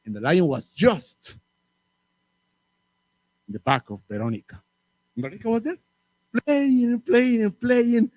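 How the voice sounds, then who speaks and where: Animated Colombian storyteller, slightly high voice. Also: male voice, unhurried, long pauses, no echo, poor audio. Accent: Colombian Spanish. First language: Spanish. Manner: animated, repetitive, mixes in Spanish. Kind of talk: oral storytelling. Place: live event at a university.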